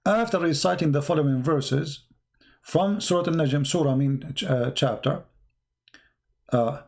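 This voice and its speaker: Brief: sarcastic male commentator, slightly high voice, halting phrasing, mocking tone. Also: a little mellow. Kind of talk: polemical commentary monologue.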